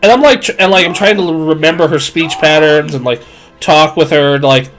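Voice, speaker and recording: A man's voice: a little high, moderate pace, fairly bright tone, faint music behind. Rambling, crude man telling a story on stream. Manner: rambling, crude, self-mocking, many fillers.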